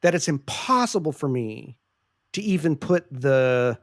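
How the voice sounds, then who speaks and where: A man on a podcast speaks in a slightly raised pitch, earnest and passionate. He often restarts his phrases as he reaches for the right words. The sound is dry and close. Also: lively intonation, no echo. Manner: earnest, passionate, frequent swearing; halting restarts when searching for words. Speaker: podcast host. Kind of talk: casual podcast discussion.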